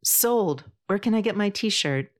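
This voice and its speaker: A woman's voice: mid-range voice, expressive, unhurried, voice pushed up, lightly acted. A woman doing a brash, teasing tomboy friend. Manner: joking, blunt, playful.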